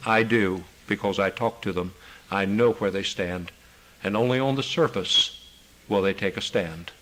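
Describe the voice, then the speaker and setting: Forceful, bright-voiced older male preacher. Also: normal speed, poor audio. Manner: forceful preaching, retells phone calls with raised pitch. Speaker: pastor. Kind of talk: sermon.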